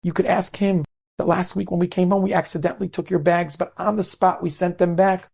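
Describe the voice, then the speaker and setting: A man's voice: high voice, steady tone, a little fast, gravelly, darkish tone, husky, pitched above the performer's own voice, heavily acted. A man voicing a distraught mother in a spoken story, pleading and upset. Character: distraught middle-aged mother.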